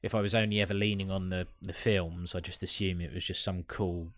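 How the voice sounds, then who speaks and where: A man co-hosting a podcast who talks in a halting, hesitant way and repeats words while he gathers his thoughts. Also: sits low, steady tone. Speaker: podcast co-host. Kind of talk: casual review chat.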